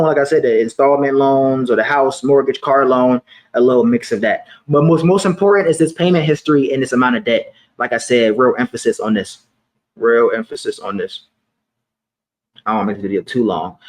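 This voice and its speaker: A man in his twenties talking casually to camera about money, relaxed and slangy, often repeating his points. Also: medium pitch, low-quality recording. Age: 20s. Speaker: personal finance vlogger.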